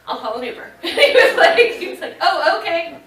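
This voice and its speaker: A woman in her thirties telling a lively story to a convention audience, laughing and acting out what people said. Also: very high-pitched, brisk. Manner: animated, laughing, acting out quotes. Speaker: convention panel guest. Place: convention panel room. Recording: echoey room, voice from far off.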